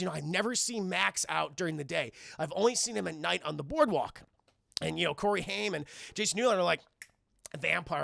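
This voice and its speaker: Gravelly high-voiced man recapping films. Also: no echo, studio quality. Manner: animated, profane, acts out characters' lines in silly voices. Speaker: film reviewer streaming to chat. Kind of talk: casual scene-by-scene film recap to live chat.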